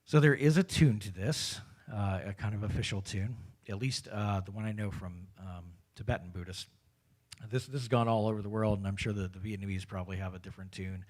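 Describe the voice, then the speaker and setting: A man guiding a spiritual community through a mantra and hand gesture in a relaxed, casual way, with frequent hesitations and restarts. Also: on the low side, a little fast. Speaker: meditation leader. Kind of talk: guided meditation instruction. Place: spiritual community service, live-streamed.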